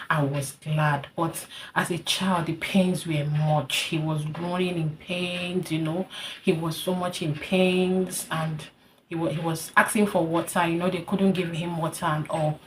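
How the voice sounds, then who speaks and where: A young woman with a Nigerian English accent, telling a personal story in an earnest, heartfelt vlog, repeating herself and pausing with fillers. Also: low voice, a little hiss or hum. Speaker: vlogger sharing a personal story. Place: hot indoor room.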